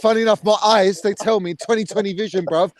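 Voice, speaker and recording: A man's voice: high-pitched, quick pace. A man who has been drinking, ranting as a fan while he walks home. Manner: animated, swears, slang-heavy. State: tipsy. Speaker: caller. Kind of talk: heated fan rant. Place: outdoors, walking home.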